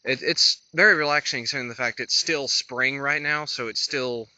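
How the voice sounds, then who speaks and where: A man's voice: mid-range voice, pushed and bright, dry recording, low-quality recording. Young man with a slight lisp, walking. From North Carolina. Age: 20s. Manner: halting, hesitant, thinking aloud with many pauses. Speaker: vlogger. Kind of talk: rambling walk-and-talk vlog. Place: outdoors on a roadside walk.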